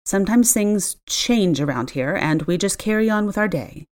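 A woman's voice: medium pitch, expressive, normal speed, a little mellow, close to an everyday voice. A woman voicing an anxious older female housekeeper who talks in a tight, clipped way.

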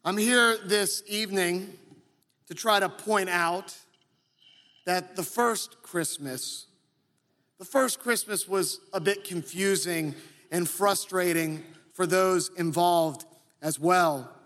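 A man preaching a sermon, slow and earnest, sometimes acting out quoted voices. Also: high voice, fairly bright tone, in a large hall. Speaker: pastor.

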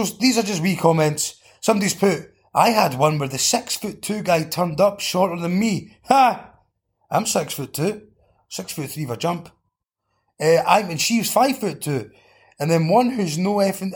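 Scottish guy on his podcast, swears a lot, jokes around reading comments, voice sits a bit high. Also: lively intonation, moderate pace. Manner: sweary, joking riffs while reading out comments. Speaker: podcast host. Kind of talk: casual comedic chat.

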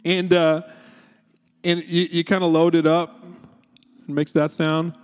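High-voiced pastor preaching in a reverberant hall. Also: male voice, a little slow, smooth. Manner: storytelling, animated, quoting his kids with raised pitch. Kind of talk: sermon.

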